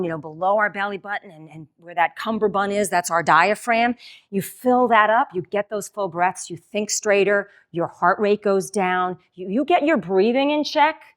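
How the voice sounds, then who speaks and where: A middle-aged woman giving a motivational keynote talk in a lively, conversational way, acting out the lines she quotes. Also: mid-range voice. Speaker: keynote speaker.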